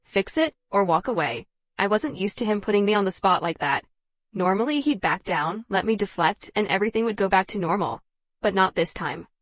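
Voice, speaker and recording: A woman tells a dramatized first-person story in a measured, even read. Her pitch sits in the middle of the range. The recording is dry and close, with no room echo.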